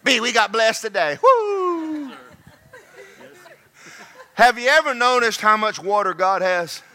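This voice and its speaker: A man's voice: high voice, normal speed, bright, forceful tone. A man preaching a sermon as pastor, folksy and repetitive, speaking in bursts.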